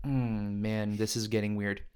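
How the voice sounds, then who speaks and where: A young man co-hosting a casual podcast, telling high school stories animatedly and swearing freely. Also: level tone, unhurried, darkish tone, clean tone. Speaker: podcast co-host. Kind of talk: casual storytelling chat.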